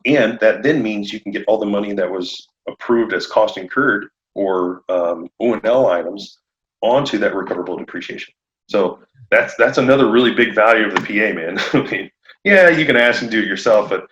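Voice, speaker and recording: Animated man on a lo-fi echoey line. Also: fairly low pitch, brisk. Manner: animated, laughs often, acts out phone conversations. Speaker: podcast guest, roofing contractor. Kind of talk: casual podcast chat. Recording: echoey room, dull lo-fi sound.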